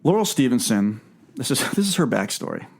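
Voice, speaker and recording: Man, podcast host, casual book chat, animated, restarts a lot. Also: medium pitch, a little fast, gravelly, breathy edge. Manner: chatty, animated, many restarts.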